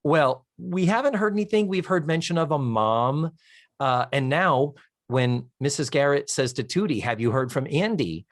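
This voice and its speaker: A man co-hosting a podcast, retelling a sitcom episode with animated storytelling, acting out its lines and swearing for comic effect. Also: a little high, moderate pace, no room sound, clean studio sound. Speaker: podcast co-host. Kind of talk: casual recap chat.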